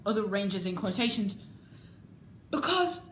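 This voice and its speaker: A woman giving a casual, ranting review as a vlogger, exasperated and repetitive, swinging between loud outbursts and low muttering. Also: very animated, moderate pace. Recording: echoey room with faint background noise.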